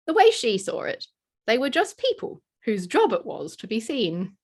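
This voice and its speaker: Woman narrating a story, lively pitch. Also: normal speed. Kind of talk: scripted narration.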